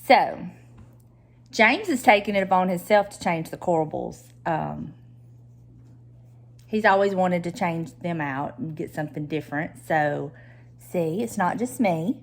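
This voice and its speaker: A woman with a warm Southern drawl chats to her camera at home. She keeps it loose and teasing, with a laugh never far away. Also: on the low side, unhurried, gravelly. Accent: Southern American. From Southern United States. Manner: chatty and teasing, laughs often. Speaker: lifestyle vlogger. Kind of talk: casual chat to camera.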